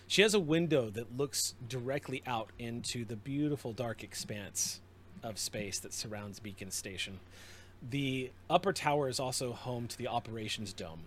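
A man running a tabletop game as game master, narrating scenes in an unhurried, descriptive way with small restarts. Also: medium pitch, slight background noise.

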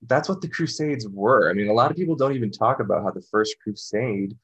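A man with a husky, fairly low voice talks in a loose, rambling way, circling back with "you know" and restarts. The recording sounds dull and lo-fi. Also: brisk, a bit bright. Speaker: podcast discussion guest. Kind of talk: casual discussion.

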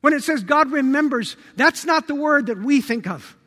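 A man preaches a sermon in a strikingly high and bright voice. He leans on repeated rhetorical questions, rising to force and then falling to a hush. The sound carries the long reverb of a large hall. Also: expressive, normal speed. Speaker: pastor.

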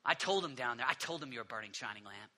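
A man voicing an affectionate adult male Jesus, speaking softly and tenderly, often in a whisper, within a sermon retelling. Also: mid-range voice, lively intonation, fast, voice pushed down. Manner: soft, hushed and tender, dropping into whispers.

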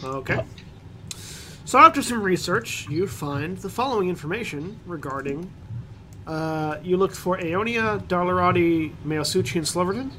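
A man narrating as game master on a voice call, explaining lore with many pauses and self-corrections. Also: high voice, expressive, bright, forceful tone, slight background noise.

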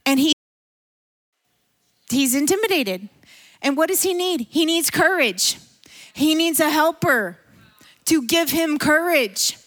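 A woman preacher giving a sermon in church, retelling a story with animated energy and frequent laughter. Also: sits high, slow pace, long pauses.

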